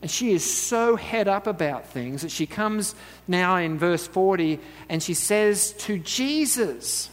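A man giving a conversational sermon, chatty and warm-humored, often checking in with the audience and laughing at his own asides. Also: sits high, expressive, moderate pace, big-room sound. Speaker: preacher.

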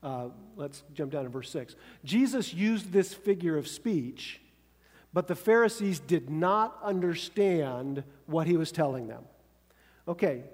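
A man's voice: high voice, animated, measured pace, darkish tone, big-room sound. A man preaching a conversational sermon, often checking in with his listeners by asking "right?". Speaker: pastor.

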